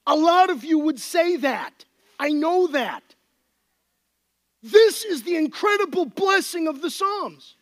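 A man preaching a sermon in an easygoing, conversational way, his voice sitting high and swinging widely in pitch. He sounds young and talks to the congregation like friends. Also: expressive, slow pace, fairly bright tone. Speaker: pastor.

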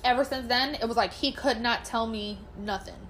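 A woman's voice: on the high side, normal speed, fairly bright tone, a little hiss or hum. A young woman in casual chat, telling a personal story candidly with plenty of profanity and quoted voices. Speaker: guest telling her story.

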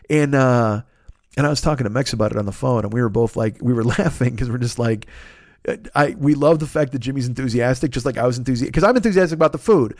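A podcast host in his fifties rambles quickly through a solo monologue, excitable and swearing freely. His voice is at an ordinary pitch, picked up close on the mic with a dry, roomless sound.

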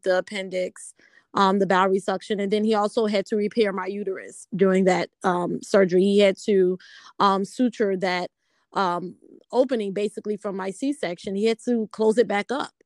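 A woman speaking earnestly in a casual conversation, measured, with fillers and self-corrections. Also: mid-range voice, dry recording.

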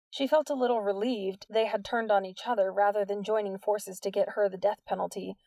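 Woman narrator, gravelly voice, dry and a bit far from the mic. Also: mid-range voice, mellow, no room sound. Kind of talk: audiobook narration.

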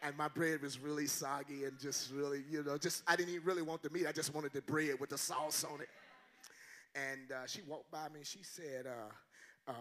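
An older man preaching a sermon as a guest pastor, shouting in call-and-response. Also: on the high side, fairly even intonation, brisk.

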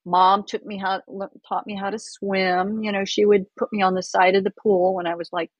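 Woman, middle-aged, from Florida, husky, dry close sound, chatty, self-deprecating interview guest. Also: medium pitch, flat delivery, normal speed, dry recording, muffled recording. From Florida, US South. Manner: chatty and self-deprecating, laughs often, with many fillers. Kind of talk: casual interview chat.

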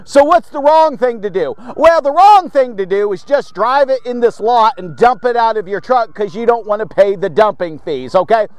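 A man's voice: very high-pitched, no echo. A man hosting a devotional podcast, talking casually and jokily while he preaches, recorded on a phone outdoors. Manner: chatty, repeats "okay?" often, jokey asides. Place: outdoors, sitting in a chair in a lot.

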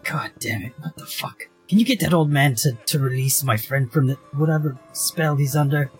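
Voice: mid-range voice, moderate pace, soft background music, natural voice. A player voicing a fed-up adventurer who swears a lot. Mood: exasperated. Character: exasperated adventurer, crude and fed up.

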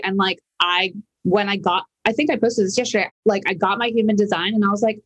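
A woman's voice: mid-range voice, steady tone, moderate pace, fairly bright tone, poor audio. A woman who is a podcast guest, chatting casually in a bubbly, emotional way with frequent laughter. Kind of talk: casual chat.

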